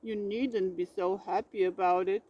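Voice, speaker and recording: Grumpy, melodramatic storybook bear with a cold, put on low by a woman reading aloud; unhurried, pompous. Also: fairly even intonation, no room sound, dull audio, natural voice. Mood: grumbling. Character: grumpy, self-pitying male bear with a cold.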